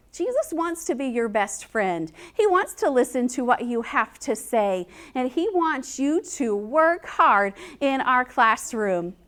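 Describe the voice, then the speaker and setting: A woman teacher giving a recorded lesson to young children, playful and encouraging with a sing-song delivery. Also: sits high.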